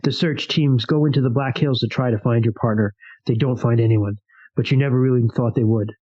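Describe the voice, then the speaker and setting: Husky man reading a horror adventure. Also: mid-range voice, fairly quick, dry recording, muffled recording. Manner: animated, swears casually. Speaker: host playing a solo tabletop game. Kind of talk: reading a solo adventure aloud with asides.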